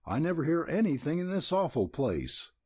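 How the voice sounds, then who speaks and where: A man voicing an eager, excitable young woman in a Western audiobook, breathless and pleading for news. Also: a little high, normal speed, breathy edge, dry recording, studio quality, voice pushed up. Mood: eager, excited.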